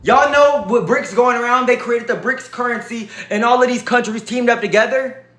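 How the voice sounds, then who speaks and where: A high-pitched man speaks straight to his viewers in a casual, emphatic, preachy way, often turning to them with y'all. His voice rings around a noticeably echoey room. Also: normal speed, a bit bright. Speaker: vlogger. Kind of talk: casual direct-to-camera talk.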